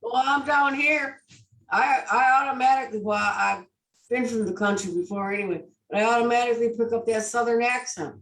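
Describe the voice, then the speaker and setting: A chatty woman on a church panel who laughs easily and keeps agreeing with the others. Her voice is fairly high and sounds distant, caught from across an echoey room. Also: fairly quick, fairly bright tone. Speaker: panel guest. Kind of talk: casual panel discussion. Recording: echoey room, mic far off.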